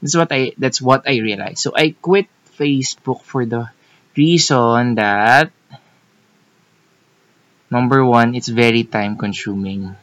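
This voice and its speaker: A man's voice: mid-range voice, slow pace, pauses often, a bit bright, no echo, lo-fi sound. A man co-hosting a casual podcast chat, teasing and restarting his sentences as he talks. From Philippines. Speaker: co-host.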